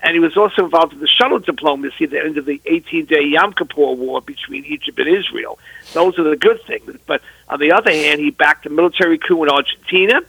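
Gravelly, husky man explaining earnestly. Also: a little high, pushed and bright, no echo, rough recording. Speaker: guest, university teacher. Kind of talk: interview answers.

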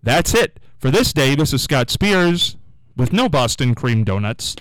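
A chatty male radio host whose voice rises and falls in lively swings as he banters with callers. He sounds close and dry, with no room around him. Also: mid-range voice, no room sound, low-quality recording. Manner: chatty, upbeat, quick with banter. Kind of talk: call-in radio show.

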